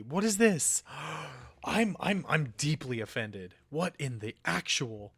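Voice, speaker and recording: A man's voice: fairly high pitch, lively intonation, slow pace, fairly bright tone, slightly rough, no room sound. A young man hosting a let's play, reacting with dramatic, exaggerated outrage and sorrow in casual gameplay commentary.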